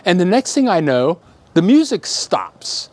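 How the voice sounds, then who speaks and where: A man telling a story to his viewers in a casual, animated way, acting out the sounds in his tale. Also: sits high, measured pace.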